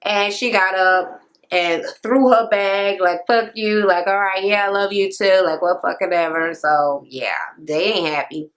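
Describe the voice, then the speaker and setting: A woman's voice: mid-range voice, fairly even intonation, measured pace. A young woman giving a casual, profane recap rant on a reality show, blunt and full of filler words. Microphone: camera mic.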